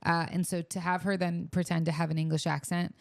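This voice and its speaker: A woman's voice: lowish voice, little pitch movement, a little fast, vocal fry. A young adult woman co-hosting a podcast, chatting in a bubbly, talkative way. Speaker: podcast co-host. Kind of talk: casual chat.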